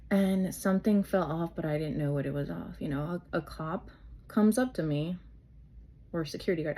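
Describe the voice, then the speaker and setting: A young adult woman hosting a podcast, telling a personal story in a candid, halting way with many fillers and restarts. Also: deep voice, dark tone. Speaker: podcast host.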